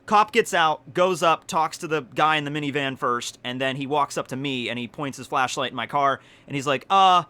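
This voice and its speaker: Man, 20s, YouTuber, excitable swearing storyteller, bright and forceful. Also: on the high side, brisk, few pauses. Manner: excitable, swears often, laughs through the story. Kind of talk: casual storytelling vlog.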